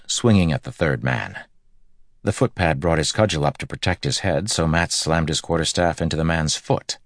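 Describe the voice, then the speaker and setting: A man narrating a story in an audiobook, with steady, measured storytelling. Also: extremely low pitch, no echo, clean studio sound. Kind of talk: scripted narration.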